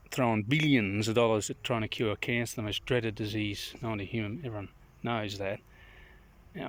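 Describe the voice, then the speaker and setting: A man recording a casual outdoor vlog, rambling and opinionated, often clearing his throat. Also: on the low side. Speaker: vlogger. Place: outdoors in the countryside.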